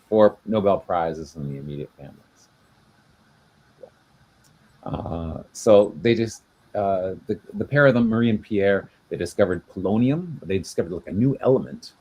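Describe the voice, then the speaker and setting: A man's voice: low-pitched, moderate pace, darkish tone. A man co-hosting a casual video-call chat, explaining at length with many fillers and restarts. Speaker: genealogy show co-host.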